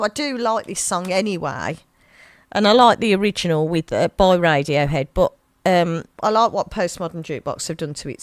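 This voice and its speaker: On her local radio show, a woman with a Birmingham accent, from the Birmingham area of England, spins a chatty anecdote and brings the quoted characters to life with animated voices. The recording has no room sound, and her voice sits on the low side.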